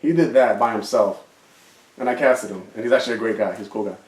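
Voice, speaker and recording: A man with a fairly low voice, rambling through a story in casual podcast chat, dropping fillers and curses as he goes. He is set back from the mic, so the room echoes around him. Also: fast talker, a little mellow. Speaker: podcast co-host. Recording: roomy, distant mic.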